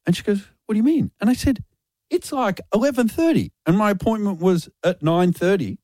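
Animated man telling a story. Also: normal speed, dry recording, clean studio sound. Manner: animated, self-mocking, jumps into high-pitched outbursts. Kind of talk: casual chat, storytelling.

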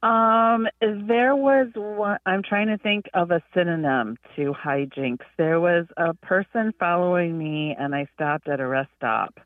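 A woman's voice: on the low side, a little slow, hardly any pauses, dry recording. A woman calling in to a radio show, hesitant and giggly, using lots of fillers. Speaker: caller. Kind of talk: radio call-in chat. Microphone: telephone. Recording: tinny phone line, far from the mic.

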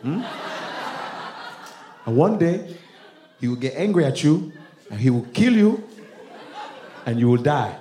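A man doing comedy banter, making mock-serious claims in a deadpan way. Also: medium pitch, a little slow, long pauses. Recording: echoey room with noise.

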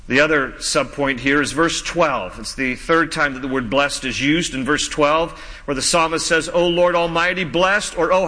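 A male pastor preaching a sermon, slow and emphatic, dropping low and soft on key lines. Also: long reverb tail, rough recording.

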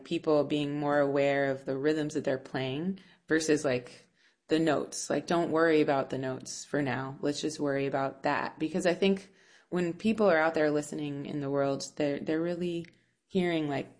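A woman's voice: low-pitched, darkish tone. A woman, a music teacher and composer, answering interview questions in a thoughtful, searching way, with many restarts and fillers. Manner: laughs now and then.

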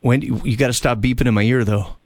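Fast-talking playful male radio host. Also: mid-range voice, steady tone, heavy background noise. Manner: quick, playful, laughs often. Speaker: radio show host taking calls. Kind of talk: casual call-in chat.

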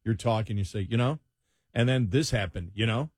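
A man's voice: fairly low pitch, fairly quick, breathy edge, no echo, clean studio sound. A man with a Buffalo accent hosting a talk radio show in casual chat.

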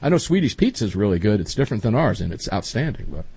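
A man's voice: lowish voice, big pitch swings, fast talker, a little mellow, breathy edge, dry recording. A middle-aged man hosting a podcast, chatting casually and rambling with emphatic asides. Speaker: podcast host. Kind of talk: casual chat.

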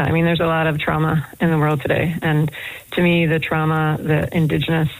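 A woman's voice: deep voice, no echo, poor audio. A middle-aged American woman from Boston, a management professor, chatting as a radio guest with many fillers and restarts. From Boston, United States. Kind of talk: casual radio interview chat.

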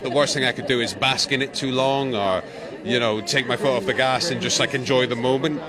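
Man talking fast and earnest, loud crowd around him outdoors. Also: mid-range voice, fairly even intonation. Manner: quick and earnest, repeats words. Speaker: interviewee. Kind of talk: casual interview answer.

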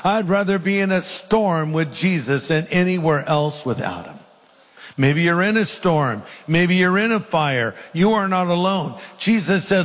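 A man preaching a sermon, speaking emphatically and reading scripture aloud with dramatic pauses. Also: fairly high pitch, lively intonation, big-room sound.

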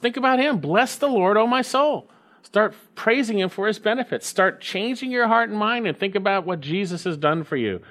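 A man's voice: high-pitched, animated, normal speed, a bit bright. A man preaching a sermon, reading scripture aloud and stressing key phrases by repeating them. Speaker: pastor.

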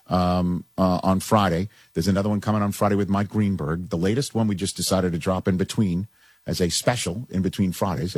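A man hosting a sports radio talk show, taking calls and pushing back in a conversational way with quick restarts. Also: low-pitched, slightly rough, no echo.

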